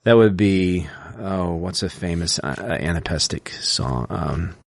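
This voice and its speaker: A man with a low, steady voice talks through a subject like a teacher at a podcast table. He explains patiently and in order, in relaxed chat. The sound is dry and close, with no room echo. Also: unhurried, gravelly. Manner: lecturing, explains step by step.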